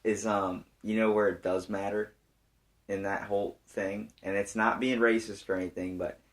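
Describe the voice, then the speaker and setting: Animated young man telling stories. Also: on the low side, normal speed. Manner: animated storyteller, swings loud and excited. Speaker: podcast host. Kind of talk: casual chat.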